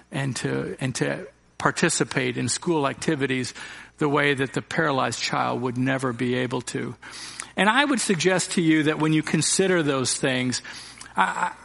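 A man's voice: fairly high pitch, vocal fry, a bit bright. A man preaching as pastor, earnest and direct, asking his congregation rhetorical questions. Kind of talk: sermon. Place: church sanctuary. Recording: long reverb of a church hall.

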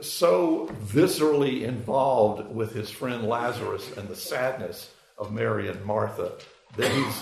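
A male preacher delivering a sermon, taking his time to explain and leaning on small fillers as he thinks aloud. His voice has a gravelly fry at a middle pitch. The sound carries the echo of a church sanctuary. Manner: explanatory, unhurried, with frequent fillers. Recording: echoey room.

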